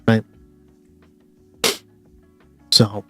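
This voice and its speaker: A man with a Boston accent, from the Boston area, rambles casually and profanely to viewers on a live stream, talking straight to them. He draws out his words, and music plays in the background.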